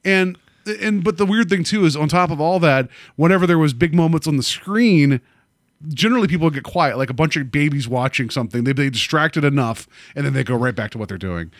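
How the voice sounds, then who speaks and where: Guy rambling excitedly about a movie, lots of likes and you-knows, dry close mic. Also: on the high side, fairly quick, no room sound. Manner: animated, rambling with many fillers. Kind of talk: casual movie discussion.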